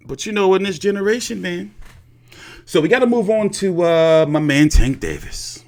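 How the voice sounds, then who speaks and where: A man's voice: high-pitched, expressive, moderate pace, a little mellow. A young man hosting a boxing commentary vlog, talking casually with lots of slang and profanity. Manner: profane, repetitive, street slang.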